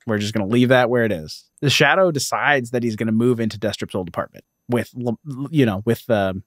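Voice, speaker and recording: Animated man retelling a pulp story. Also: mid-range voice, no room sound, studio quality. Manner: animated retelling with quick quoted voices. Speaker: podcast co-host. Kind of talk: casual podcast chat, retelling a story.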